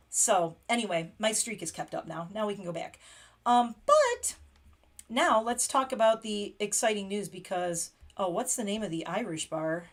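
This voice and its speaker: With a medium-pitched, lively voice at normal speed, a woman from the United States runs a casual late-night livestream. Her chatter is frequently broken by laughter as she reads short practice phrases aloud.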